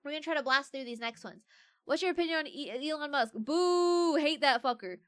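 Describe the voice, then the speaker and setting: A woman doing a bright, high-ish young streamer with a dry, close sound, playfully riffing on quiz questions. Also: brisk, no echo. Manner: playful, reads quiz questions aloud and jokes about them. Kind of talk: casual livestream chat.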